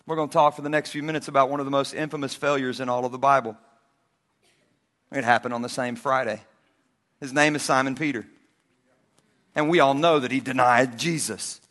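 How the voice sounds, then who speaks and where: A male preacher delivers a sermon in a high, bright voice and tells stories in an animated way. He acts out the characters as he goes. The sound carries a long, echoing hall reverb. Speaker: pastor.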